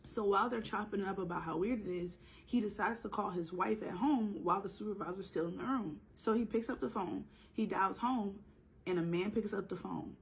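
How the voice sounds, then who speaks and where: Chatty woman telling a storytime, slightly hoarse. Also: medium pitch, normal speed, a little hiss or hum, low-quality recording. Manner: chatty, joking asides, slangy, acts out the people in the story. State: sore throat, slightly hoarse. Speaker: storytime narrator. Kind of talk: casual storytime narration.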